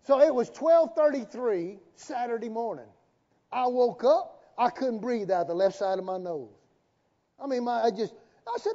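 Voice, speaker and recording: A man with a very high, mellow voice preaches a sermon with emphatic force, calling out for the congregation to answer back. The recording sounds dull and muffled. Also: lively intonation, moderate pace. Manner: emphatic preaching with call-and-response. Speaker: pastor.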